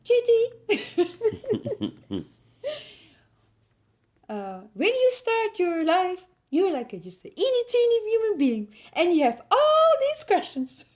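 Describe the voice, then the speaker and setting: A woman voicing a gentle, wise old grandmother with a high, sing-song delivery. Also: wildly swooping pitch, slow, long pauses, heavily acted. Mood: wistful.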